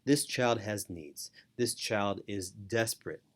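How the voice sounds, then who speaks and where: Middle-aged man, fairly low voice, earnest, instructional talk, repeats key points. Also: slow pace. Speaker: foster parent and parenting educator.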